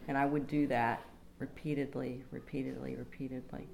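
A woman's voice: a bass voice, level tone, normal speed, gravelly, a little mellow, a little hiss or hum. A woman sharing a wry, self-deprecating story in a recovery group. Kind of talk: candid personal sharing.

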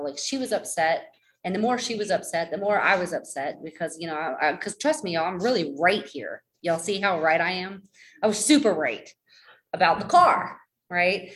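A woman's voice: fairly bright tone, low-quality recording. Rambling woman telling a personal story. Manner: rambling, self-deprecating, many fillers and restarts; acts out quoted voices with big pitch jumps. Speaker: speaker sharing a personal story.

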